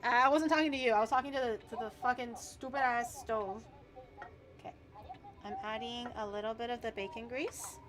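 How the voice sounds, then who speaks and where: Cooking in her home kitchen, a woman vtuber talks casually to her chat, with frequent swearing and stuttered, repeated words. She speaks a little fast in a steady tone, her voice a little high, with music in the background.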